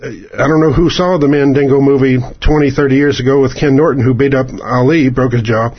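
Husky-voiced man ranting on lo-fi radio. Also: mid-range voice, fairly even intonation, fairly quick. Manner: rambling, digressive and sarcastic. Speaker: radio commentator. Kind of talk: opinion monologue. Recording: dull lo-fi radio broadcast.

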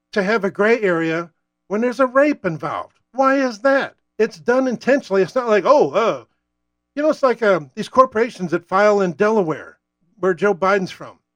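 A man's voice: high-pitched, animated, moderate pace, fairly bright tone, dry recording. An American man delivering a profane, worked-up political rant as a talk-show host. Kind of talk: ranting political monologue.

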